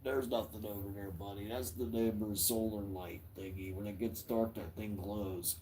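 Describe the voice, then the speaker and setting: A livestream host talks to his chat and young son from indoors near a window at night, wandering through easygoing, chuckle-filled chatter. He has a mellow, lowish voice with a steady tone and normal speed, and the rough recording carries a little hiss or hum.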